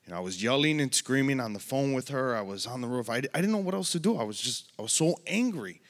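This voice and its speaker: A man's voice: mid-range voice, expressive. Earnest man giving a church testimony. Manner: earnest, emotional, halting. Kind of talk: personal testimony. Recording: long hall reverb.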